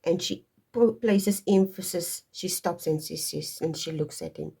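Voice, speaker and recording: A woman gives her viewers a casual tarot and astrology reading, drifting off topic and pausing to emphasize points. Her fairly low voice is creaky, dark, and breathy, and she takes her time.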